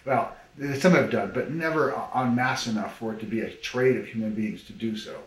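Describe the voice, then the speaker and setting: Male interviewer, reflective and searching, mid pitch, echoey room. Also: normal speed. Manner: thinking aloud, restarts, builds long ideas. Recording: roomy echo.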